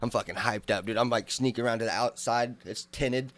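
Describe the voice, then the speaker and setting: A man, co-hosting a podcast and telling a wild story in a loud, profane, animated way. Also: medium pitch, fairly quick. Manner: animated, profane storytelling, acting out drunk shouts. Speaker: podcast co-host. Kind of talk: casual storytelling chat.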